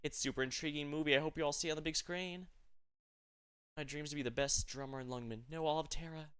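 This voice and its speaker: A worn-out young catgirl drummer with a slow Southern drawl, as a man puts her on while reading a game story. The voice sits bright and clean, lifted a little higher than his own. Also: fairly even intonation, smooth, natural voice. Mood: weary. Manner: drawling, laid-back.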